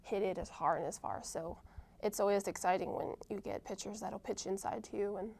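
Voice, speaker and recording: A young woman of college age talks through her answers in a plain, mid-pitched voice. She hesitates often, filling gaps with ums and restarting her sentences. It sounds like a relaxed, casual interview. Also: a little fast, vocal fry. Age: young adult. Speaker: college softball player, guest.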